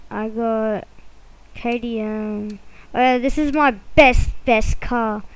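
A woman's voice: fairly high pitch, smooth, low-quality recording. A woman giving casual, rambling commentary while she plays a driving game, with many fillers and restarts. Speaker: gameplay video creator.

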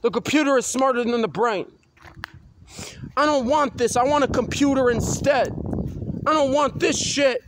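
A man ranting on his own in an agitated, repetitive way, swearing and breaking into loud outbursts. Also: very high voice, normal speed, long pauses, background noise. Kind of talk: solo rant to camera.

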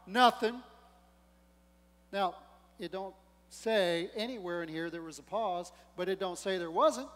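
A male pastor preaching a sermon with rising emphasis and playful humor, acting out the voices in the story. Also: sits high. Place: church sanctuary. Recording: long church-hall reverb.

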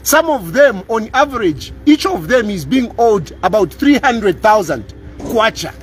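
A man's voice: high voice, big pitch swings, a little slow, soft background music. A middle-aged man with a Zambian accent, a lawyer making an impassioned appeal to camera, repeating himself and tagging lines with "eh?". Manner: emphatic, repeats lines, tags "eh?" for agreement. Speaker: public lawyer.

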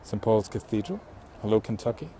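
A man's voice: fairly low pitch, lively intonation, brisk, mellow. Middle-aged man chatting on a windy riverbank. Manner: chatty, greeting viewers one by one. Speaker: live-streaming vlogger. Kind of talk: casual live-stream chat. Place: outdoors on a riverbank at sunset. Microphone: phone held by the streamer. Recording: wind noise on a phone mic outdoors.

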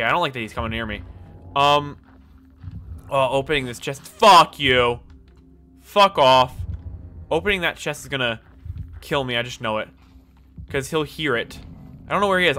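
A man's voice: fairly high pitch, pushed and bright. A young man giving casual gameplay commentary, jumpy and nervous, muttering and swearing often as he plays.

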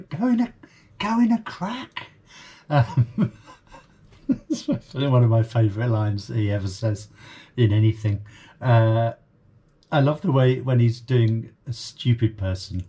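Low mellow rambling man from Essex. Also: slightly rough, muffled recording. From Essex, England. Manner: rambling, chuckling, many fillers. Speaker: reaction video host. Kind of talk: casual spoken review.

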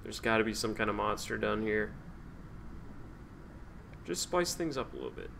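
Gravelly, grumbling male game streamer. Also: lowish voice, huge pitch swings, normal speed, fairly bright tone, a little hiss or hum. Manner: sarcastic, profane, grumbling at the game. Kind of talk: casual let's-play commentary.

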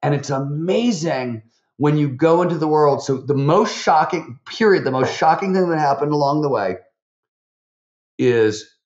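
A man, a podcast guest and author, talking in a lively way, telling stories full of fillers and quoted voices. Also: fairly high pitch, echoey room, muffled recording. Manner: animated, fast-talking, with many fillers and acted quotes. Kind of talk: conversational interview storytelling.

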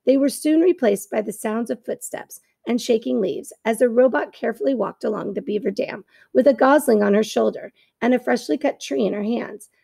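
A woman reads a children's chapter book aloud in a steady, unhurried way, now and then catching a slip. Her voice is fairly high but mellow, with a gravelly texture. The recording is close and dry. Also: no room sound. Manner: steady narration with small slips and self-corrections.

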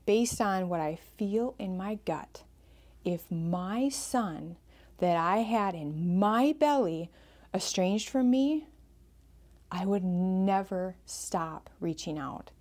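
A woman's voice: fairly low pitch, a little mellow. A woman hosting an advice podcast as a family therapist, talking earnestly and repeating phrases for emphasis.

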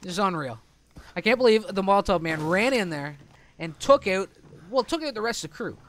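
High-voiced joking gameplay commentator man. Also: animated, brisk, a bit bright, a little hiss or hum. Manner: chatty, joking, laughs often. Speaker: let's play host.

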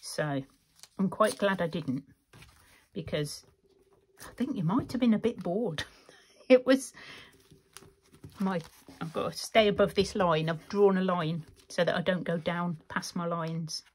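A woman's voice: fairly low pitch, unhurried, pauses often, husky. A woman chatting casually through a craft tutorial, rambling and laughing often as she works. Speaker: craft vlogger.

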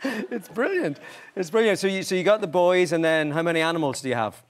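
A man's voice: high voice, animated, a little fast. A man hosting a chat show, putting friendly, prompting questions to his guest. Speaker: talk show host. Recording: studio audience noise behind.

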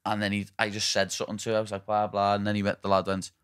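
A young man with a Liverpool accent hosts a loose, laughing chat. His voice is bright and forward. The sound is dry and close to the mic. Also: fairly low pitch, completely flat delivery, racing, clear, resonant tone, no echo. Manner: chatty, tags lines with "lad", laughs often. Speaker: podcast host. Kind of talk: casual chat.

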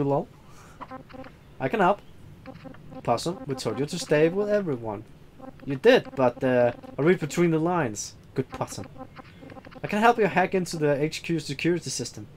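A man reading and voicing game dialogue in a casual let's-play, halting over lines with fillers and laughs. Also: fairly high pitch.

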